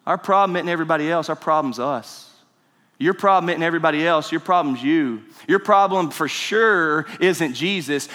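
A male pastor preaching a sermon, emphatic and swinging between loud and hushed. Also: high voice. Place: church sanctuary. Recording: reverberant church hall.

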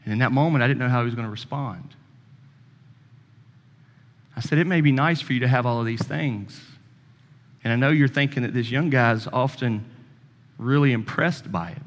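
A pastor in his thirties tells a personal story from the pulpit in a folksy, conversational way. He acts out the other person's lines as he goes. His mid-pitched voice rings out with the long reverb of a church hall. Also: moderate pace, pauses often. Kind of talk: sermon with storytelling.

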